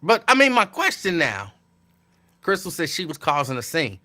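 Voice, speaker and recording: A man hosting a casual live talk show from home, reacting with animated disbelief to viewers' comments. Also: on the high side, normal speed. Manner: animated, incredulous, talks back to viewers' comments. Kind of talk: casual live-stream chat.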